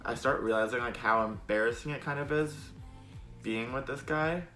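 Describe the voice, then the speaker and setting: Bright-voiced chatty young man. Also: medium pitch, moderate pace, soft background music. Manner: chatty, filler-heavy, sarcastic. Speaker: vlogger. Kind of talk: casual storytime.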